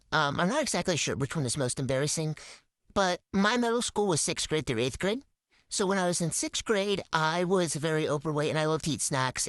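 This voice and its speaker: A young woman answering viewer questions in a casual, deadpan comedic monologue. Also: no room sound, clean studio sound. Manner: deadpan, absurd jokes, lively pitch swings. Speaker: vlogger.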